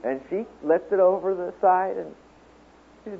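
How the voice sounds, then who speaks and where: A man speaking at a Bible teaching seminar, telling a story and then lecturing to a class in an animated way, acting out the quotes. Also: high-pitched, moderate pace, creaky, husky. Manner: animated storyteller, acts out quotes, laughs along. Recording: tinny phone-like lo-fi recording.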